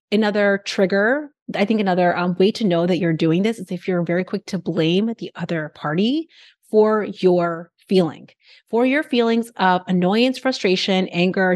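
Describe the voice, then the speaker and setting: A woman hosting a podcast interview, telling stories in an animated, casual way with lots of filler words. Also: medium pitch. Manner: animated storytelling, many "like" fillers. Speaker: podcast host.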